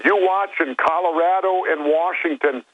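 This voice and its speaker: A man's voice: on the high side, normal speed. An older man, a guest calling in, telling stories and arguing bluntly in a phone interview. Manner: blunt, storytelling. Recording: tinny phone line.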